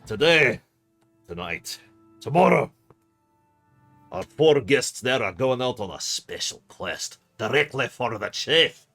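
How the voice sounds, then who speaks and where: A man voicing a goblin who puts on a dwarven accent, loudly announcing to a gathered village. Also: medium pitch, big pitch swings, slow, vocal fry, long pauses, soft background music, exaggerated voice. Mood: proclaiming.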